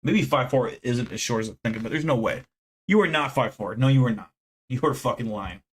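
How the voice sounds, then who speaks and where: A man's voice: mid-range voice, expressive, a little fast, breathy edge. Casting: young American man, brash profane streamer, rambling brag. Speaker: livestream host. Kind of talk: casual livestream chat.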